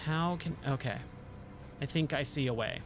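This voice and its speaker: A man's voice: on the high side, moderate pace. A man streaming a driving game live, talking through his moves with a self-mocking, exasperated commentary and pleading with the game.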